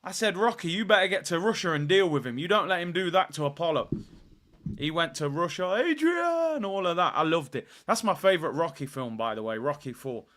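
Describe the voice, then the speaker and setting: A man with a slightly high, brisk voice hosts a casual football live stream, reading viewer comments aloud and joking around. He is animated and playful, breaking into bursts of loud excitement.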